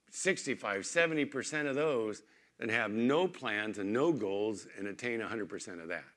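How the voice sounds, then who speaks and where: This mid-range male voice belongs to a pastor giving a sermon in church, speaking conversationally and moving between strong emphasis and gentle storytelling.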